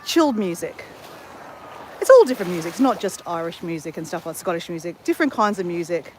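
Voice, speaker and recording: Here the Australian beach livestreamer has a lowish, slightly mellow voice, expressive and quick. She chats casually with viewers, rambling and self-correcting, while a little hiss or hum sits in the background.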